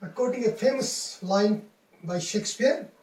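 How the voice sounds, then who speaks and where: A man teaching a classroom lesson on poetry, speaking deliberately and repeating phrases as he explains. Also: high-pitched, a little mellow, far from the mic. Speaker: English teacher. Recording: echoey room, voice off-mic.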